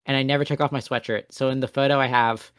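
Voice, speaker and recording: A man's voice: mid-range voice, steady tone, fast talker, fairly bright tone, clean tone, dry recording, studio quality. A young man co-hosting a casual podcast, telling a rambling, self-mocking story with a passive-aggressive edge. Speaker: podcast co-host.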